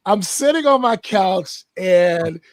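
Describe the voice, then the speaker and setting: A man hosting a casual interview chat, enthusiastic and quick to exclaim in delight. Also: sits high, lively intonation. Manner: enthusiastic, quick to exclaim "that's dope", "wow". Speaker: podcast host.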